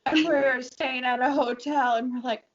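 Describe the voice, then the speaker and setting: A woman's voice: high-pitched, steady tone, normal speed, background noise. Earnest woman chatting, lo-fi sound. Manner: open, earnest, giggly. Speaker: co-host. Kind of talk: casual heart-to-heart chat. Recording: dull lo-fi sound.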